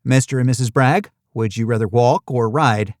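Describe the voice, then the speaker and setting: A man's voice: medium pitch, moderate pace, no echo, clean studio sound, natural voice. A man voicing a polite young woman from the United States who works as a host at an island retreat, speaking courteously and eager to please.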